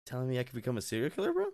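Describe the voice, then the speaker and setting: A man of middle pitch jokes around in a casual podcast chat, full of slang, and keeps calling his friends bro. The recording is dry and close, with no room sound. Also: darkish tone, no echo. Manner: joking, slangy, calls people bro. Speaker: podcast co-host.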